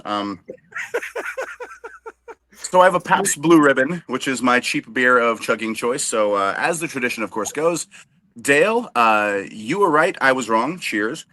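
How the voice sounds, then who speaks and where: Brief: wisecracking man, bright lively delivery, dry mic. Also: mid-range voice, slight background noise. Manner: wisecracking, self-deprecating. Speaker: podcast co-host. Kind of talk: casual banter show.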